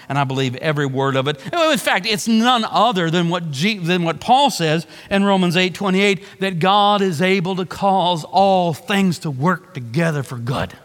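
A man's voice: high-pitched, fairly bright tone, in a large hall. A man preaching a sermon, with earnest, repeated emphasis and a preacher's cadence. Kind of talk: sermon-style teaching on a book.

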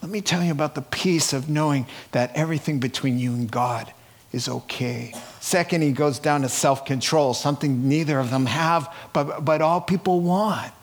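A man preaching a sermon, swinging from hushed, quiet lines to loud, laughing outbursts. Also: a little high, normal speed. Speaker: pastor.

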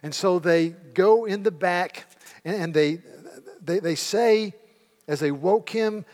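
A man's voice: sits high, measured pace. A middle-aged man preaching a sermon in a church sanctuary, telling the story vividly and slipping into the voices of the people in it. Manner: animated storytelling, retelling scenes in character voices. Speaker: pastor. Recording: long hall reverb.

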